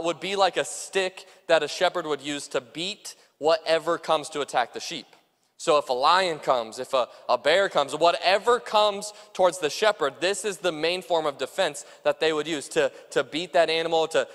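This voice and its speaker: A man's voice: fairly high pitch, a bit bright, in a large hall. A pastor preaching a sermon to his congregation, earnest and repetitive, with frequent fillers. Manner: earnest, repeats phrases for emphasis, many "uh" fillers. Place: church sanctuary.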